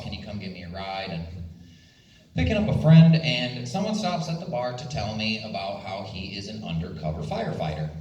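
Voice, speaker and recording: A man performing wry, self-deprecating stand-up comedy at a talent show. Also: medium pitch. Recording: echoey room, distant mic, faint noise.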